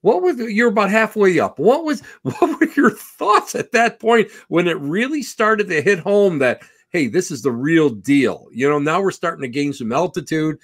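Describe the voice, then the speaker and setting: A man hosting an interview, enthusiastic and rambling, his voice swinging from soft to loud as he builds up to his questions. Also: high voice, big pitch swings, normal speed, few pauses. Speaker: podcast host. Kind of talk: casual interview.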